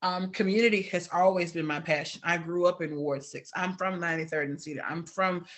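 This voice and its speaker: A woman guest sharing a personal testimony, candid and animated, acting out the voices of people she quotes. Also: lowish voice, brisk.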